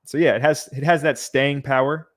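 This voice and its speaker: A man hosting a livestream, reading out viewer comments and answering them in a relaxed, chatty way. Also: medium pitch, normal speed. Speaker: livestream host.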